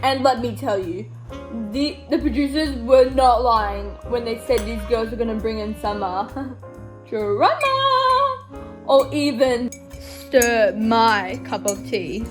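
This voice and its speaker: A teenage girl performs a comic solo stage scene as a gushing, exasperated reality show host. Her high voice swoops widely, and she takes her time with the lines. Music plays clearly behind her. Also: very animated, slow pace. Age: teens. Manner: dramatic, gushing, exasperated asides. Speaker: student actor playing a reality show host.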